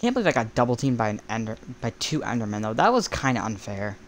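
A teenage boy from the East Coast of the United States, rambling through casual gameplay commentary while he plays, musing aloud with soft chuckles. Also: mid-range voice, very animated, quick pace. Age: teens. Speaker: gaming streamer.

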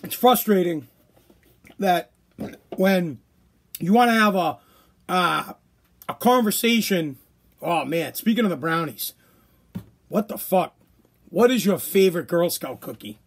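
High-voiced man ranting on a podcast. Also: lively intonation, measured pace, pauses often, slightly rough. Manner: ranting, profane, sarcastic. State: tired, voice worn out. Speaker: podcast host. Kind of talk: casual profane monologue.

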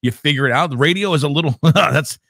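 A man's voice: on the high side, quick pace, vocal fry, fairly bright tone, no room sound, clean studio sound. A man co-hosting an interview about radio careers, joking around and often laughing. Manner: laughs a lot, jokey. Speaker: co-host. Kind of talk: casual interview chat.

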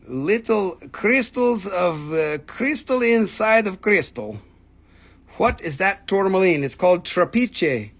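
An excitable man hosts a casual live sales stream from home, showing off stones and rattling off prices. His voice sits fairly high for a man, and he swears freely and gushes over how beautiful everything is. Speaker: host selling gemstones on a live stream. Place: home, with his dogs nearby.

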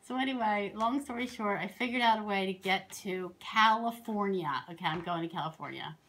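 A woman from Pennsylvania talks through her craft projects in a casual show-and-tell. She rambles happily, stacking asides and side stories. Her voice sits at an everyday middle pitch. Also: fairly quick. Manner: rambling and excitable, with many asides. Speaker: crafting vlogger.

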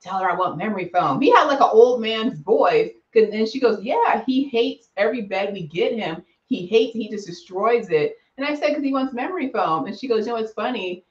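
A woman's voice: fairly high pitch, normal speed, hardly any pauses, dull audio. A woman guest relaxedly telling anecdotes in a casual interview. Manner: relaxed anecdotes with quoted asides. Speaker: psychic guest. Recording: distant roomy remote call audio.

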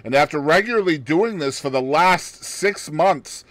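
A male podcast co-host chats casually, reading a news story aloud and breaking off for laughs and joking remarks. His voice sits somewhat high and moves through a wide, animated range. The sound is dry and close, with no room echo. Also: moderate pace.

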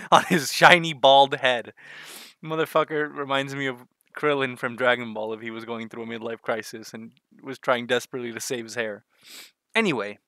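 A man's voice: on the high side, sharp tone, dry recording, clean studio sound. A man vlogging a crude, sarcastic comedic rant, often breaking into laughter at his own jokes.

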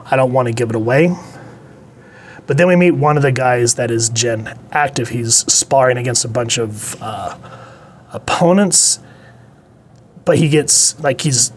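A man talks through a comic book review in a loose, chatty way. He wanders off on tangents and swears casually. His voice sits at an ordinary pitch, with a faint hum of room noise underneath.

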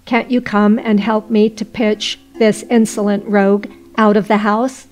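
A woman voicing a greedy, quick-tempered rich man in a folk tale, speaking in old-fashioned, scolding phrases. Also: medium pitch, flat delivery, darkish tone, close to an everyday voice. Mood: angry scolding.

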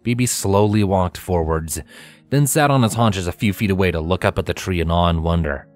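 Low-voiced man reading a story. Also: normal speed, faint music behind. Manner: steady storytelling, acting out dialogue. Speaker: narrator. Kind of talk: fanfiction reading.

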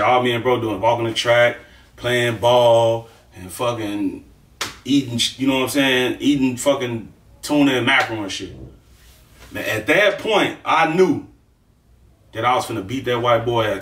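A man's voice: medium pitch, moderate pace, a bit bright, a little hiss or hum. A man telling a story in a casual, profane and emphatic way, acting out the fight with punch sounds. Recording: echoey room, far from the mic.

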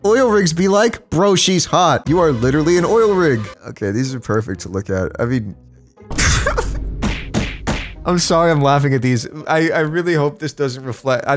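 A man streaming casually while high, animated and giggly, swearing freely as he chats. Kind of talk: casual livestream chat.

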